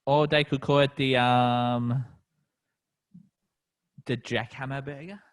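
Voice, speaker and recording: A man with an Australian accent, co-hosting a podcast in easygoing, halting casual chat. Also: mid-range voice, level tone. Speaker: podcast co-host.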